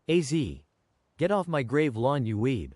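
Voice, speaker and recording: Woman doing a gruff, deep grumbling old man. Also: sing-song, a little slow, a little mellow, full character voice. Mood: grumpy.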